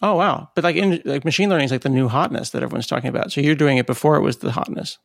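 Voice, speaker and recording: Middle-aged male podcast host, enthusiastic and chatty, slight gravel in the voice. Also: medium pitch, rapid-fire, no room sound, clean studio sound. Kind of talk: casual interview chat.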